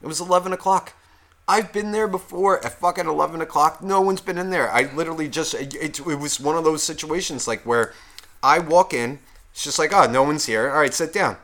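Bright-voiced, excitable podcast host. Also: male voice, fairly high pitch, fairly quick. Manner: animated storytelling, constant swearing. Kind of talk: casual chat.

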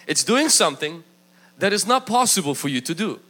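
A man's voice: high-pitched, big pitch swings, fairly quick, pushed and bright. A man preaching a sermon with emphatic delivery, acting out the voices he quotes. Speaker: pastor.

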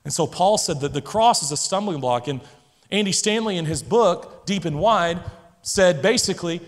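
Man, pastor, sermon, high voice, emphatic, repeats key phrases, long reverb of a big hall. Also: animated, moderate pace. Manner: emphatic, repeats key phrases, swings between loud and hushed.

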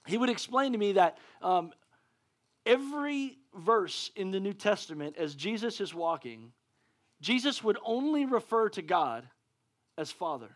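A male preacher giving a sermon, excitable and often stumbling over restarts. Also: sits high, measured pace.

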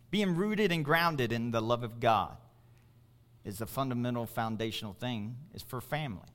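A man's voice: mid-range voice, lively intonation, moderate pace, a bit bright. A middle-aged male pastor preaching a sermon, emphatic and calling out to his congregation.

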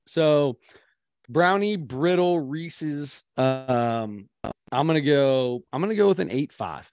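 A man co-hosting a podcast, telling stories in a casual, animated chat. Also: fairly high pitch, smooth. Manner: storytelling, animated, quick asides. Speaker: podcast co-host.

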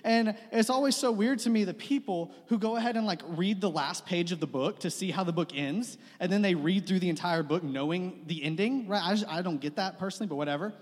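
This young adult pastor's voice is high and slightly quick, with few pauses, as he delivers a conversational sermon laced with self-mocking humor and recurring phrases. The recording carries the long echo of a church sanctuary.

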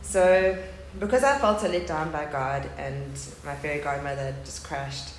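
A woman's voice: sits low, a little slow. A woman in her thirties giving a candid, earnest personal testimony talk to an audience at a faith gathering. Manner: candid and earnest, speaking of loss. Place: hall with a live audience. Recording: echoey hall, faint background hum.

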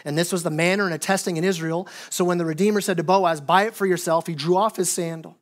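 A male pastor preaching in a church, his voice sitting high for a man. He tells the story with animated, acted-out quotes, often stumbling over and repeating his words. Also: quick pace. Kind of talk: sermon. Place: church sanctuary.

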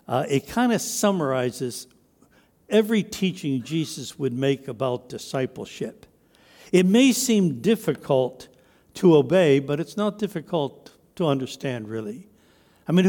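A man's voice: fairly high pitch, a little mellow, in a large hall. A man preaching a sermon as pastor, emphatic, with his voice rising and dropping to stress his points.

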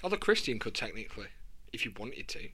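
A man co-hosting a podcast in casual chat, relaxed and chuckling as he tells stories. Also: fairly low pitch, fast talker, husky. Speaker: podcast co-host.

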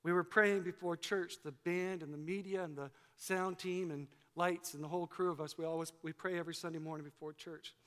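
A man's voice: sits high, fairly bright tone. A man preaching a sermon as pastor, with an emphatic, repetitive cadence. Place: church sanctuary. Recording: long hall reverb.

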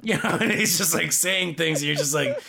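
A man chats about a movie in a loose, rambling way, full of "like" and swear words. His voice is bright and forceful and sits a little high for a man. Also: brisk, creaky. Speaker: podcast co-host. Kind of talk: casual movie-review chat.

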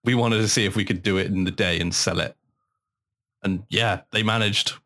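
A man co-hosting a casual podcast chat, talkative and quick to laugh, letting his voice drop low and soft at the ends of lines. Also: fairly even intonation. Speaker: podcast co-host. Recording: audio taken from a live stream.

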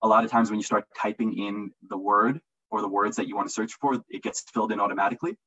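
A man answering interview questions in an easy, conversational way, his voice husky and slightly low. He gets enthusiastic and repeats words as he talks. The audio is dull and lo-fi, like a remote call. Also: fairly even intonation, fast talker, bright, forceful tone. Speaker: interview guest, marketing analyst.

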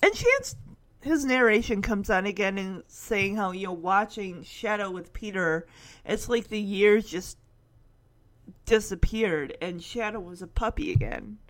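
A woman's voice: medium pitch, a little slow. A woman hosting a casual, emotional film recap, acting out the characters and laughing often. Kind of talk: casual chat.

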